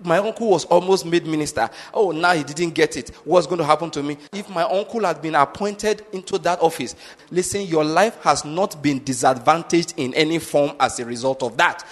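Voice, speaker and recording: A man's voice: fairly high pitch, normal speed, in a large hall. A man preaching a sermon as pastor, emphatic and repeatedly checking that listeners follow his point.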